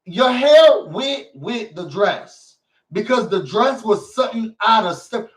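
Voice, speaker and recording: A man's voice: very high-pitched, distant mic, rough recording. A man hosting a casual recap vlog, talking to his viewers in a sassy, theatrical way. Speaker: show recap host.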